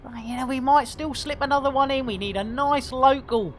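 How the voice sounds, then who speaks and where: A man's voice: very high-pitched, a little fast. A man commentating his live game stream with jokey, punning banter for his viewers.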